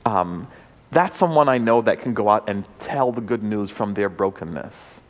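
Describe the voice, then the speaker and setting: A man's voice: on the low side, expressive, normal speed. A man, a bishop, giving an earnest, reflective talk to a forum audience, with frequent "um"s and small restarts. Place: church forum hall. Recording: long hall reverb.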